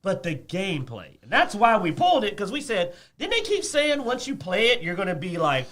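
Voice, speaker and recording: A man with a high, bright voice that swings widely in pitch, ranting about games on a casual chat show. He gets animated and laughs often. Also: fairly quick. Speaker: podcast co-host.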